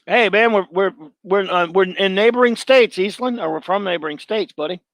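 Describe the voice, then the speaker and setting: Higher-voiced middle-aged man, blunt. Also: normal speed, no echo. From Louisiana. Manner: blunt and opinionated, rambling with restarts. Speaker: show host. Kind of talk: casual live-show monologue, answering chat.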